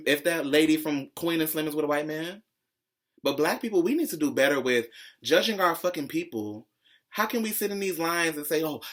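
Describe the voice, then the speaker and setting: A man hosting a pop-culture commentary vlog, talking in a sassy, profane, opinionated way and jumping higher in pitch when excited. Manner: profane, sassy, calls viewers "child"; opinionated ranting, swings high when excited. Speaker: vlog host.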